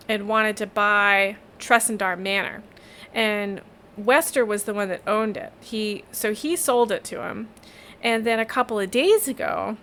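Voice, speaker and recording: A woman's voice: medium pitch, fairly bright tone. A woman voicing a young female village weaver who rambles, exasperated by town politics. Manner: rambling, exasperated, eye-rolling.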